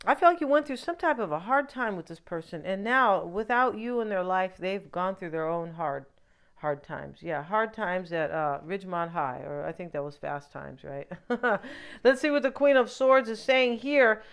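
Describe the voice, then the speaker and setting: A woman's voice: mid-range voice, expressive, normal speed, clean tone. A woman giving a casual tarot reading, rambling and opinionated, with frequent asides. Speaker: tarot reader.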